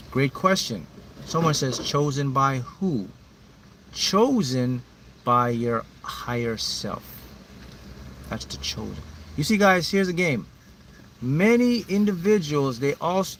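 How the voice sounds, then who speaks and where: A man's voice: medium pitch, slight background noise. A man as a manifesting mentor, speaking emphatically and repetitively to his viewers in a live motivational talk. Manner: reads out viewers' names.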